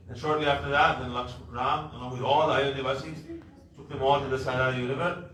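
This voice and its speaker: A man's voice: mid-range voice, fairly quick. Man telling a scripture story in an echoey room. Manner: animated, acts out dialogue, explains terms. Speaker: preacher. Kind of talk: devotional storytelling talk. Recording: echoey room, mic far off, faint noise.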